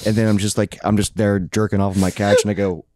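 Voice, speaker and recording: A man's voice: fast talker, no echo, studio quality. A young man co-hosting a comedy podcast, telling stories animatedly and acting out quotes. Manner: animated storyteller, acts out quotes in a lower voice, laughs often. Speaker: podcast co-host. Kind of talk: casual chat.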